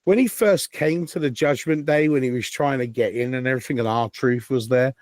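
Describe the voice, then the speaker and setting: A man's voice: medium pitch, darkish tone, no echo. Casual male podcast co-host, rambling, dry close mic. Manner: rambling, halting, many ums and restarts. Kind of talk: casual chat.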